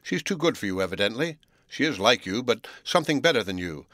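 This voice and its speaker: A man reading the part of a proud, blunt Englishman who talks in a gruff, scolding way. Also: medium pitch, sing-song, fast talker, fairly bright tone, dry recording, studio quality. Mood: scornful.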